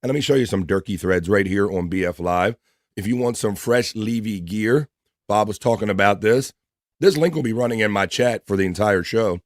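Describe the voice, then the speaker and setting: A man from the East Coast of the United States, with a fairly low voice and moderate pace, hosts a casual livestream. He reads viewers' messages aloud and greets them by name in a loose, profane way. The recording is dry with clean studio sound.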